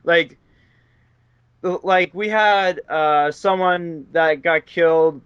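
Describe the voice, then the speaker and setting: A man's voice: fairly high pitch, steady tone, slow, a bit bright, clean tone, no echo. A man, a guest casually telling rambling stories full of fillers. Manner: rambling, filler-heavy, laughs often. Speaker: interview guest. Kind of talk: casual storytelling chat. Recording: dull dry audio.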